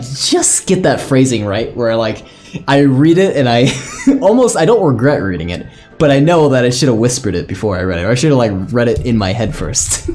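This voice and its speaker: Lively, chatty male streamer. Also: medium pitch. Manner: chatty, laughs often, thinks aloud. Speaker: streamer and server admin. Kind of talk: casual live-stream chat.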